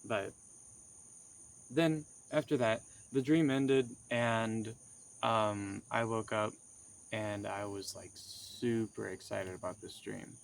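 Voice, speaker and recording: A man's voice: fairly low pitch, steady tone, takes it slowly, gravelly, a little hiss or hum. A young man telling the story of a dream in a casual, rambling way, with many fillers and restarts. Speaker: vlogger recounting a dream.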